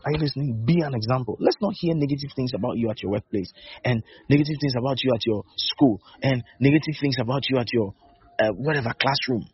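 Male pastor, mid-pitched and breathy-rough, preaching in insistent repeated commands; muffled lo-fi sound. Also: fast, dry recording. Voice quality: husky. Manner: repetitive, emphatic exhortation with rhetorical questions. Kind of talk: sermon. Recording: dull lo-fi recording.

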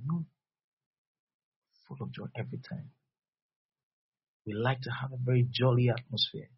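A man preaching a sermon as pastor, repeating phrases and swinging between loud bursts and soft drops. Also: medium pitch, fairly even intonation, normal speed, pauses often. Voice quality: husky. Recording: dull lo-fi recording.

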